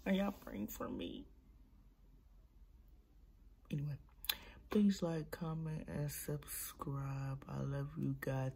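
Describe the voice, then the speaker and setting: A young woman vlogger chats casually to camera through a mouth sore from new braces, sometimes dropping into whispers. Her voice sits low and sounds creaky and dark, with a slow pace and frequent pauses, over a little hiss or hum.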